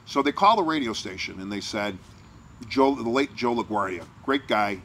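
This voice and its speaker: A man who works as a morning radio DJ, telling an animated backstage story and acting out the people in it. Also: fairly low pitch, moderate pace, slight background noise. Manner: animated storyteller, acts out quotes.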